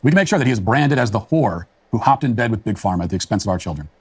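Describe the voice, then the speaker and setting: A man's voice: on the low side, expressive, rapid-fire, darkish tone, husky. A man delivering a scripted political commentary monologue in a scathing, emphatic manner.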